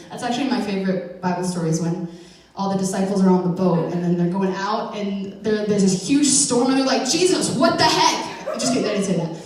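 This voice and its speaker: A woman's voice: mid-range voice, mellow, recorded from a distance. Chatty young woman preaching in a big echoey hall. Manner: chatty and playful, many fillers and self-corrections. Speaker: youth speaker giving a church message. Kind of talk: informal sermon.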